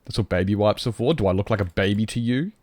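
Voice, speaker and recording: A man with an Australian accent and a fairly low voice chats away as he plays, rambling and reacting to his viewers. The sound is dry and close. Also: fast, a little mellow, no room sound. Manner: rambling, reads and answers chat. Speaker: streamer. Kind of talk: casual chat while playing a game.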